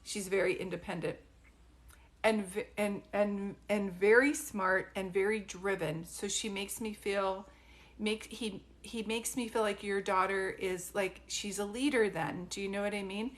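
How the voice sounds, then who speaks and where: A woman's voice: medium pitch, fairly even intonation, measured pace. Chatty woman giving a live reading. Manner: chatty, reassuring, full of fillers and restarts. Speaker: psychic medium.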